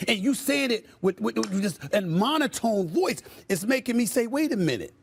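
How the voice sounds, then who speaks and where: A man who is a sports TV commentator, ranting loudly and theatrically in a heated studio debate. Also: sits high, expressive, moderate pace, gravelly.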